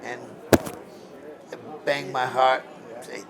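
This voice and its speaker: Gravelly older man telling fight stories. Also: mid-range voice, fairly even intonation, unhurried. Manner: emphatic, blunt, repeats and restarts phrases. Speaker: former boxer. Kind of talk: interview storytelling. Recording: crowd noise around the mic. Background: crowd murmur.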